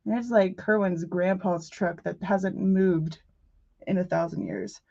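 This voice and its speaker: A chatty woman hosts a crafting livestream from her country home, joking and giggling with viewers as she works. Her voice sits at a middle pitch, and the audio is a little dull and lo-fi. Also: steady tone, moderate pace, vocal fry, a little mellow. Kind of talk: casual livestream chat while crafting. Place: rural home.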